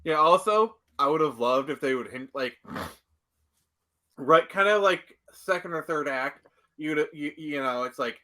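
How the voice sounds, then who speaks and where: A man's voice: fairly high pitch, expressive, a little slow, sharp tone. A man co-hosting a podcast in casual chat, rambling with constant fillers. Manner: rambling, heavy fillers like "like" and "you know". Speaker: podcast co-host.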